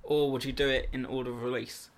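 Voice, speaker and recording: A man's voice: medium pitch, flat delivery, quick pace. A man co-hosting a podcast in casual chat, playful and teasing, laughing often. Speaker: podcast co-host.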